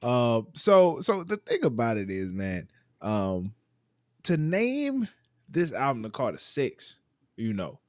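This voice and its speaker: A man's voice: medium pitch, huge pitch swings, takes it slowly, no room sound, clean studio sound. A man hosting a podcast, reviewing music in loose, slangy casual chat and restarting his sentences often. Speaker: podcast host.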